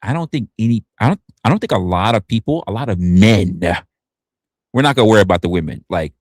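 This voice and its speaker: A man with a low voice that swings widely up and down as he hosts a casual livestream from home. He talks loosely and profanely, tripping over words and starting over. The sound is close and dry, with no room around it. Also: fast, no echo. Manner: animated, swinging pitch up and down. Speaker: livestream host.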